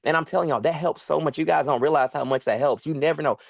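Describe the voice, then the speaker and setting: A man's voice: fairly high pitch, quick pace, gravelly, no echo. A man speaking as a guest on a livestream interview, earnest and pleading, repeating himself for emphasis over a video call. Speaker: guest, farmer and sanctuary owner.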